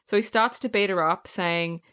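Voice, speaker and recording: A woman's voice: medium pitch, sharp tone, clear, resonant tone. Woman, podcast co-host, casual film recap, acts out quotes. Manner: retells scenes, acting out lines in quick put-on voices. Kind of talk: casual movie review chat.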